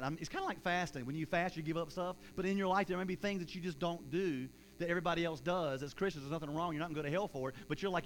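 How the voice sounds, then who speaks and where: A man preaching a sermon as pastor in a church, rising loud in acted-out prayers and dropping soft for an altar call and prayer. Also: fairly high pitch, quick pace, a little hiss or hum, rough recording. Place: church sanctuary.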